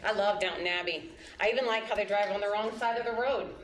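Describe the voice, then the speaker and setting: A woman's voice: mid-range voice, quick pace, a bit bright, roomy sound, rough recording. A woman giving a wry, conversational public comment at a board meeting. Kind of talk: prepared public statement.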